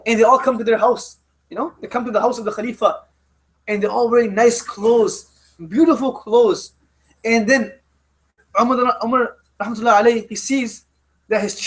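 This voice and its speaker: A man leading a youth study circle, telling a story as a lecture and repeating phrases for emphasis. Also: very high-pitched. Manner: repeats phrases for emphasis, often restarts lines.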